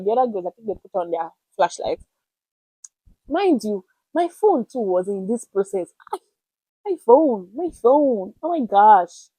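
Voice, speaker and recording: A young woman tells a personal story straight to her viewers. She talks in an animated, expressive way, with dramatic pauses, and her voice sits at a middle pitch. The sound is close and dry, with no room echo. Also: slightly rough. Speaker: vlogger. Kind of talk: casual storytelling to camera.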